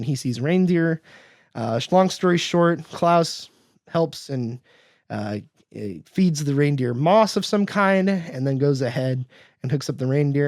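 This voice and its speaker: A man's voice: on the high side, a little mellow, no room sound, studio quality. A man hosting a podcast, casually recapping a film and acting out the characters' lines in raised voices. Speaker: podcast host.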